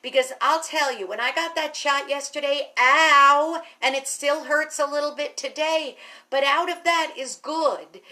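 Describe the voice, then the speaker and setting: Chatty woman, slightly raised pitch, earnest storyteller, casual talk to camera. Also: sharp tone. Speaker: radio station general manager.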